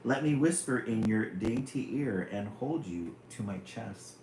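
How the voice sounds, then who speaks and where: Lovesick storybook turtle, tender and pleading, slow and a bit low, read by a man, roomy room. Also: expressive, a little mellow. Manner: tender, pleading, sing-song. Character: lovesick male turtle pleading with his sweetheart. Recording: roomy room, faint hum.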